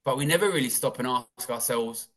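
A man's voice: mid-range voice, brisk, fairly bright tone. A man in his thirties, a former trader and interview guest, telling his life story in a rambling, candid way with lots of swearing and fillers.

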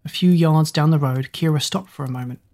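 A reader narrating a children's story in an even, measured way. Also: medium pitch.

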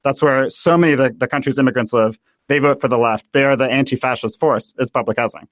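A man from the United States, a guest in a political interview, talking in an animated way and thinking aloud with many fillers. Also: medium pitch, fast talker, no echo. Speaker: guest author.

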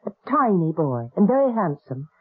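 A dry, matter-of-fact household figure. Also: male voice, high-pitched, big pitch swings, normal speed, slightly rough, full character voice. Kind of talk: 1970s radio drama acting. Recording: tinny lo-fi old radio broadcast.

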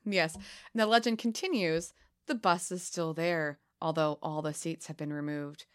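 A woman co-hosting a casual podcast, reading spooky legends aloud in a playful, giggly way with dramatic pauses. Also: low voice, steady tone, clean tone. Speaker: podcast co-host.

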